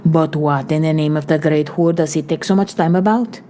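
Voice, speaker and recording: Woman doing a raging cursing older guerrilla woman, deep low voice, mellow tone, faint hiss behind. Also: moderate pace, natural voice. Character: fierce coarse older woman guerrilla leader.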